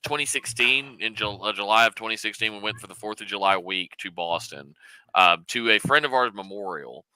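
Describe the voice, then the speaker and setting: Bright, dry-voiced Southern drawl man. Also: fairly low pitch, fairly quick, clean tone, no room sound, rough recording. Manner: stammering, swearing, storytelling. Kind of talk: casual chat.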